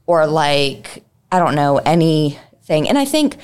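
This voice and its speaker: Low-voiced, earnest woman co-host. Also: sing-song, measured pace, darkish tone, smooth. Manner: earnest, reflective, many "like"s. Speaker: podcast co-host, mental health clinician. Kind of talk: casual chat.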